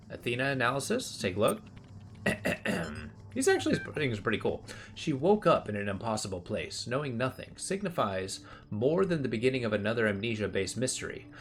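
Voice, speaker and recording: A man's voice: mid-range voice, a bit bright. A man streaming a puzzle game, commenting casually and reading the on-screen text aloud with offhand remarks.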